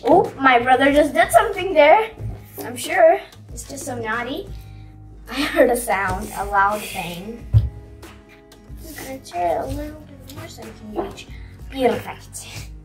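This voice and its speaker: A woman's voice: sits high, lively intonation, a little slow, far from the mic, poor audio. A woman casually demonstrating a paper craft at home, chatty and playful with joking asides. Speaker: craft tutorial presenter. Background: background music.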